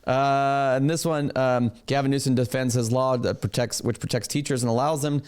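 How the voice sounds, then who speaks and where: A man hosting a reaction video in casual, animated commentary, often talking to his producer. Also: medium pitch, moderate pace, clear, resonant tone.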